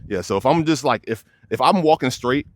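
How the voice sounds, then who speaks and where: A man's voice: medium pitch, animated, fairly quick, dry recording. A young man, a dog trainer, explaining leash work casually outdoors and addressing viewers as y'all. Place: outdoors by a fence near many dogs.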